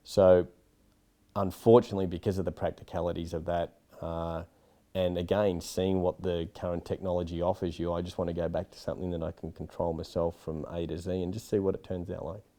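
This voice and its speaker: A man's voice: deep voice, flat delivery, fairly quick, mellow. An Australian man, a film director, giving frank, rambling interview answers with many asides. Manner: rambling, frank, lots of "you know".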